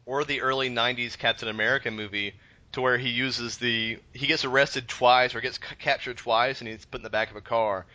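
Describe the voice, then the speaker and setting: A man with a bright, forceful voice jokes and tells animated stories in a loose conversation. His voice sounds dry and close, with little room sound. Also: medium pitch, brisk, no room sound, poor audio. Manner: joking, animated storytelling. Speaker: podcast co-host. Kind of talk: casual chat.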